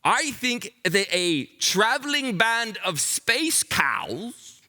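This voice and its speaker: A man hamming up a bumbling, excitable detective for kids, his voice riding high and swooping wildly. The tone is bright and theatrical. He throws in big dramatic flourishes as he works the room. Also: extremely slow, full character voice. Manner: theatrical, playful, dramatic exclamations. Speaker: children's Bible school teacher. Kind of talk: comic character acting for children.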